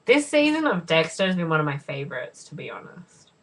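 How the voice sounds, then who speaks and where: A woman hosting a casual podcast, chatty and quick to laugh. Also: deep voice, sing-song, fairly bright tone. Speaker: podcast host. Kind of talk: casual chat.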